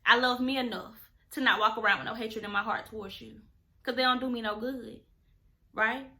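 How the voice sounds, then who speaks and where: Bright-voiced emphatic woman podcaster. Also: on the high side, fairly even intonation, moderate pace. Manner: preachy, emphatic, talks to listeners directly. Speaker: podcast host. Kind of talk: casual advice talk.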